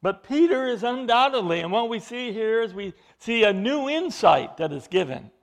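A man preaching an expository sermon, emphatic, with his voice rising into loud bursts. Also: very high voice, big pitch swings, normal speed, gravelly.

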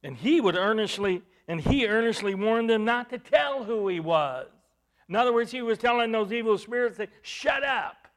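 Slow, high-voiced male preacher. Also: a bit bright. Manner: slow, emphatic scripture teaching with rising bursts of volume. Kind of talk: sermon.

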